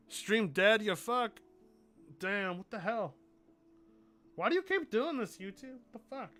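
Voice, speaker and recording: A man's voice: sits high, bright, forceful tone. A man streaming live, chatting loosely, swearing freely and reading out donations. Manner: rambling, swears freely, reads donations aloud. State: mellowed out. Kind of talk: casual livestream chat.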